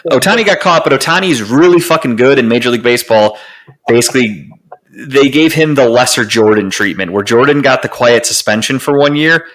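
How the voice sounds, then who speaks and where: A man in casual podcast sports talk, medium-pitched voice. He rambles and restarts his sentences often and swears freely. His tone stays loose and conversational. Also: brisk, a bit bright, rough recording. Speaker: podcast co-host.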